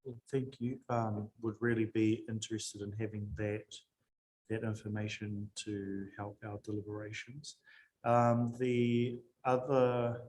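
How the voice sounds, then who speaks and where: A man, a councillor questioning staff at a council hearing, halting with many fillers. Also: lowish voice, little pitch movement, a little mellow, a little hiss or hum, low-quality recording.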